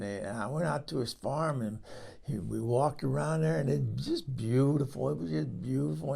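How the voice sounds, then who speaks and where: A man's voice: medium pitch, creaky, darkish tone, slightly rough, full character voice. A man playing a rambling, salty 78-year-old woman who tells her life story in a folksy comic monologue, full of restarts. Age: 78 (figure). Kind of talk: comedic character monologue.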